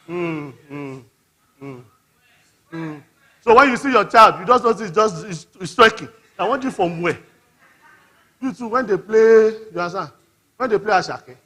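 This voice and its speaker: High, bright-voiced Nigerian preacher. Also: male voice, breathy edge. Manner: lively, teasing, calls out to the audience. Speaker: conference speaker. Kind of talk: interactive family-life sermon. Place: church conference hall.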